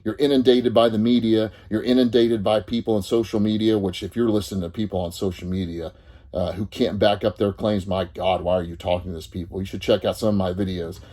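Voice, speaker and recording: A man's voice: on the low side, fairly even intonation, a little fast, warm tone. A middle-aged man, a therapist talking bluntly and confrontationally to the viewer, swearing freely. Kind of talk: blunt motivational monologue to camera.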